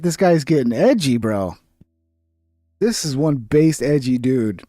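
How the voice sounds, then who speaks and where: A man hosting a live reaction stream, his pitch swinging up and down as he banters crudely and mocks what he watches. His voice is dark and mellow, and faint music plays behind him. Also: unhurried, long pauses, no echo, clean studio sound. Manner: crude, mocking, animated banter. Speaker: livestream host reacting to clips.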